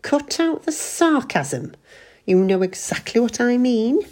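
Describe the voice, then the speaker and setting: A woman's voice: a little high, animated, slow, a little mellow, pitched above the performer's own voice. A woman voicing an anxious, nagging middle-aged wife who scolds her husband. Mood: scolding. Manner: scolding, exasperated.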